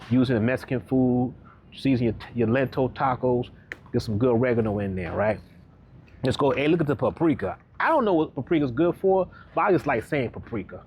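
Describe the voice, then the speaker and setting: Here a wellness coach vlogs his grocery shopping in a lively, talkative way, asking the viewer "right?" as he passes through the aisles. His voice is mid-range and darkish, accompanied by a faint hiss or hum.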